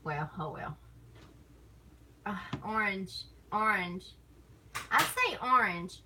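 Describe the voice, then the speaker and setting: Bright-toned rambling woman streamer. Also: medium pitch, animated, takes it slowly, slight background noise, low-quality recording. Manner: rambling, laughs often, teasing. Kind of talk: casual chat.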